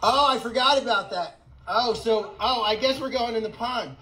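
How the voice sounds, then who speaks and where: A man running an animal sanctuary, chatting excitedly and rambling with lots of laughter in a casual fundraising video outdoors. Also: very high-pitched, normal speed, low-quality recording. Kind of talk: casual fundraising vlog chat.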